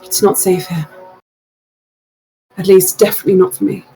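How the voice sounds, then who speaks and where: A woman's voice: medium pitch, steady tone, warm tone, faint music behind, close to an everyday voice, rough recording. A woman voicing a nervous cloaked man. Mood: urgent. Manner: earnest, pleading, halting. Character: secretive nervous cloaked man, haunted by a lost love.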